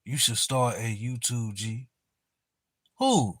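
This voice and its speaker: A man chatting casually to his viewers on a livestream, loose and profane, full of street slang and animated storytelling. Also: medium pitch, slow pace, slightly rough, no echo. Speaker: YouTuber on a livestream.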